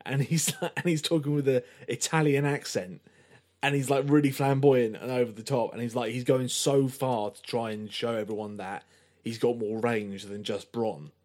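A man's voice: medium pitch, normal speed. A man co-hosting a podcast, chatting casually about a film with rambling, filler-heavy sentences. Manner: rambling, animated, many fillers. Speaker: podcast co-host. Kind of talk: casual film review chat.

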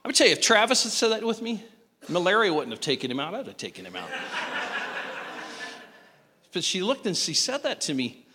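Animated man preaching in a reverberant hall. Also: fast talker, slight background noise. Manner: animated, joking storyteller with sudden pitch jumps. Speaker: pastor. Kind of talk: sermon.

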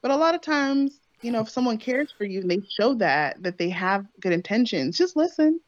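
A woman's voice: a little high, sing-song, normal speed, dull audio. A woman talking casually and earnestly, giving emphatic advice about listening to others. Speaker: co-host. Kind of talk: casual reflective chat.

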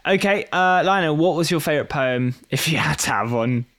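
A man's voice: a little high, expressive, fairly quick, a bit bright, a little hiss or hum. A man hosting a casual podcast poetry game, teasing the players as quiz-master. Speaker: podcast host.

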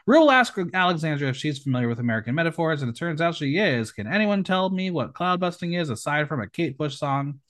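A man's voice: fairly high pitch, big pitch swings, fast talker, hardly any pauses, a bit bright. A man hosting a recap podcast, reading out the episode with playful asides. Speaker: podcast host. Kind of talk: reality show recap podcast.

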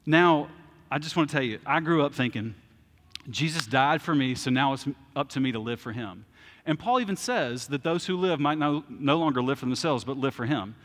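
A man's voice: mid-range voice, animated, normal speed, a bit bright, long reverb tail. A man in his thirties preaching a sermon as pastor, conversational, with asides and restarts.

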